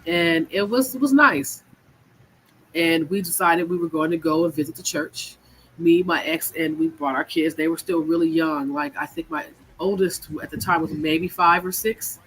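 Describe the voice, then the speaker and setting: A woman from California hosts her own podcast while fighting a cold, her voice stuffy and a little congested. She tells her personal story candidly, pausing and restarting often as she works through the words. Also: sits low, steady tone, a little hiss or hum. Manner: candid, halting, with frequent fillers. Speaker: podcast host.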